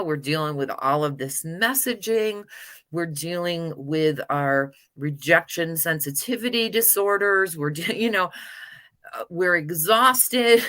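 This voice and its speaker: A woman's voice: lowish voice, pushed and bright. A woman talking casually on a podcast, emphatic and repetitive, with frequent "like" and "right?". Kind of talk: casual conversation.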